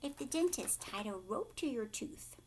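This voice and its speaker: A teacher reading a picture book aloud to children, pausing to ask her young listeners questions. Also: fairly high pitch, a little hiss or hum. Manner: animated, talks to young listeners.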